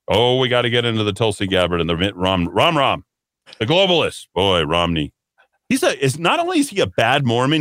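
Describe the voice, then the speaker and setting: A man hosts a political talk radio show in a sarcastic, emphatic monologue. His pitch swoops up and down as he talks. The sound is dry and close to the mic. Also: a bit bright, no echo.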